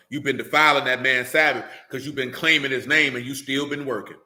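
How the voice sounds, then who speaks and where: A man preaching a fiery, blunt sermon, scolding his listeners with rhetorical questions and rising to shouts. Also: medium pitch, fairly even intonation, fairly quick, few pauses, echoey room. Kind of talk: fiery street-style sermon.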